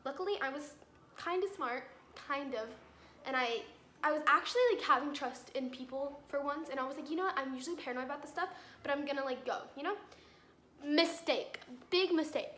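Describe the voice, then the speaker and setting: A woman's voice: high voice, a little fast, pushed and bright, slight background noise. A teenage girl vlogging a storytime, exasperated and full of "like" fillers, in a roomy space. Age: teens. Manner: exasperated, filler-heavy retelling. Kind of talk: storytime vlog. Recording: roomy echo with faint ambience.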